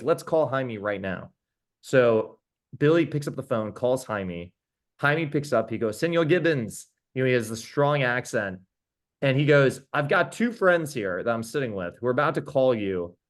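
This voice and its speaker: A man, a podcast host, telling stories in casual chat as a guest, animated and enthusiastic with quick restarts. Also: medium pitch. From New York. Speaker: podcast host being interviewed. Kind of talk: casual storytelling.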